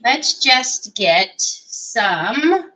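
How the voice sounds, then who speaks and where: A woman's voice: fairly high pitch, sing-song, very slow, pushed and bright, rough recording. A woman hosting a live crafting demonstration, chatting and thinking aloud as she works and greeting viewers by name. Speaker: craft livestream host.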